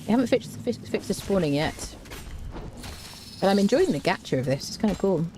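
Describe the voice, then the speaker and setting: Woman, game streamer, live commentary, chatty, lively pitch, warm tone. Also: fairly quick, a little hiss or hum. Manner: chatty, addresses chat, hums to herself.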